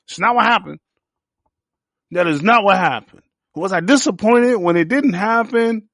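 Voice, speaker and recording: Man podcast host, higher voice, casual profane series recap, dry close sound. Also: normal speed, gravelly, pauses often, no echo. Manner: animated, profane storytelling that acts out quotes. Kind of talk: casual solo TV series review.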